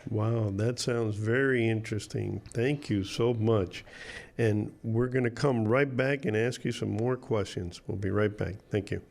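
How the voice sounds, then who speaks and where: An upbeat man hosts a casual radio interview, cheering his guest on. His voice sits a little low. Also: steady tone, a little slow, vocal fry, darkish tone. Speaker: radio show host.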